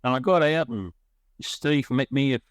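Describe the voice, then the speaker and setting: A man's voice: mid-range voice, moderate pace, clean tone, no room sound. A middle-aged man telling his recovery story in a rambling, emotional way, often restarting his sentences. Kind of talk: personal storytelling.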